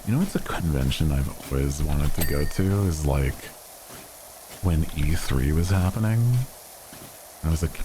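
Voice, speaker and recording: A man's voice: a bass voice, normal speed, noisy background. A young man streaming a game, chatting casually and rambling with fillers and restarts. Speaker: VTuber streamer. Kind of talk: casual gaming stream chat.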